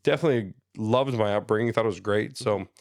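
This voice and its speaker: Guy in his 30s, comedian guest, low-ish voice, super animated storyteller, dry close sound. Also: fast talker, no room sound. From Canada, Ontario. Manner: animated storyteller who slips into voices, says "you know what I mean" often. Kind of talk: casual podcast chat.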